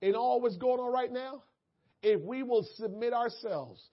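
A man preaching a sermon, moving from quiet, low asides to shouted, drawn-out scripture lines. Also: highs cut off. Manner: drawn-out emphatic scripture reading. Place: church.

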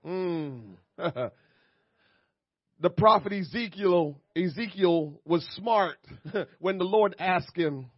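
Male pastor, higher-pitched voice, emphatic sermon delivery, dry and slightly dull sound. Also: animated, slow, breathy edge, dry recording. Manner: emphatic preaching with chuckles and repetition. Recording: dry, slightly muffled recording.

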